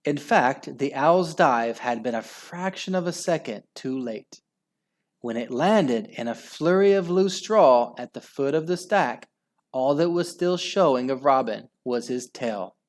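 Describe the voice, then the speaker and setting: A man reading a children's book aloud with slow, expressive storytelling. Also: mid-range voice. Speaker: storybook reader.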